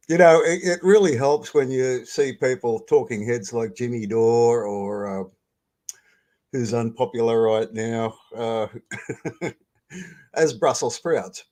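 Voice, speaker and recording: A man talks at an open mic in a slow, rambling way. He halts often with fillers and mid-range pitch as he ad-libs. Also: darkish tone. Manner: rambling, halting, with many fillers. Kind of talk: casual stand-up ad lib.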